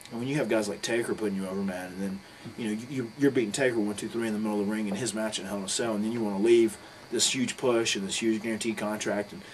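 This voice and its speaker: A middle-aged man telling a story in a casual interview, swearing freely and acting out quotes with sudden loud bursts. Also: lowish voice, fairly even intonation, quick pace, slight background noise, rough recording.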